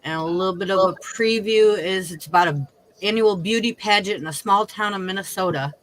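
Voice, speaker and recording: A man's voice: high voice, brisk, fairly bright tone, a little hiss or hum, poor audio. A man hosting a live stream, chatting casually and rambling with lots of filler words. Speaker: streamer host.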